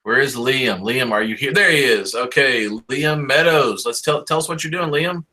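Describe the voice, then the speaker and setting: A man's voice: medium pitch, normal speed, bright, forceful tone. A middle-aged man, a band director on a video call, praising his seniors in an upbeat, rambling way full of fillers. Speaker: high school band director.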